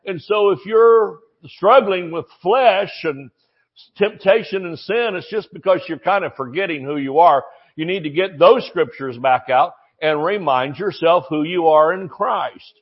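A man's voice: sits high, unhurried, breathy edge, muffled recording. A man preaching a sermon in a folksy, joking, emphatic way.

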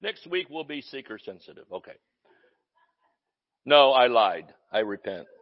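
A man preaching a sermon as pastor, fiery and loud, breaking into shouts and joking with the congregation. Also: mid-range voice, very animated, unhurried, dull audio.

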